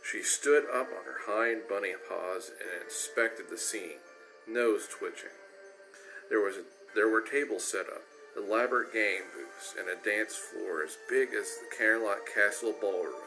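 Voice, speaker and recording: Low-voiced man doing a cold read. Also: unhurried, sharp tone, faint music behind, poor audio. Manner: casual, stumbles and corrects himself. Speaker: reader. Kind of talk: cold reading of a story.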